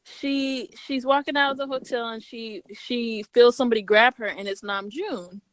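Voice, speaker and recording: A woman with a fairly high voice retells a story in a loose, chatty way. She drops into a lower voice when she quotes the characters. The sound is dry and close, with no room around it. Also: moderate pace, no echo. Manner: relaxed, chatty, quoting characters in a lower voice, laughs often. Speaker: podcast co-host reviewing a story. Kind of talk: casual chat retelling a story.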